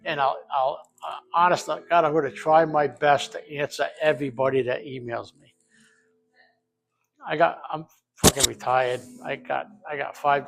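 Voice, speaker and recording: A man's voice: mid-range voice, vocal fry. An older man hosting a casual home cooking vlog from his kitchen, talking off the cuff with plenty of profanity and jokes. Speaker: home cook, vlog host.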